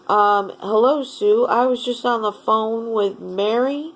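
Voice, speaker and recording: A woman's voice: mid-range voice, unhurried, hardly any pauses, poor audio. A woman at home ranting furiously in a vlog, swearing constantly. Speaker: vlogger. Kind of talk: angry rant to camera.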